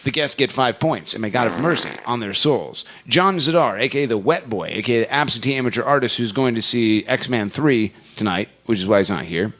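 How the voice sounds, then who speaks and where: A man's voice: mid-range voice, animated, a little fast, hardly any pauses, a bit bright. Podcast host, male, sarcastic mock-grave announcer, loose and profane. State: been drinking beer. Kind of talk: casual banter, reading out standings.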